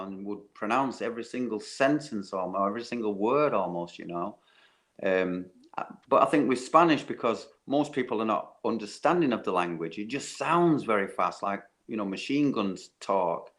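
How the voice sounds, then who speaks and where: A man's voice: fairly low pitch, expressive, fairly quick, fairly bright tone. A man chatting casually on a panel call in a laid-back, easygoing way. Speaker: panel guest. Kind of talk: casual chat.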